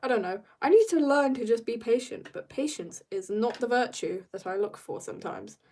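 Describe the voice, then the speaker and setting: British girl in her teens, rambling casual stream chat, quick giggly bursts, distant from the mic. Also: a little high, animated, mellow. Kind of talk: casual livestream chat while drawing. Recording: voice a bit off-mic.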